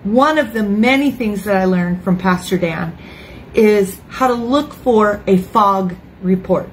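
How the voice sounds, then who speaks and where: A woman's voice: mid-range voice, unhurried, a little hiss or hum, low-quality recording. Chatty grandmotherly woman preaching. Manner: warm, chatty and emotional, with lively asides. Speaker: ministry speaker. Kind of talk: informal sermon. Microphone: phone or webcam, online broadcast.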